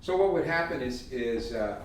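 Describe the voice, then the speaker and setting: A man's voice: medium pitch, normal speed, slight background noise. Folksy man in an echoey hall. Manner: folksy, animated storyteller acting out quotes. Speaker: speaker giving a talk. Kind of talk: storytelling talk with slides. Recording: echoey hall, heard from a distance.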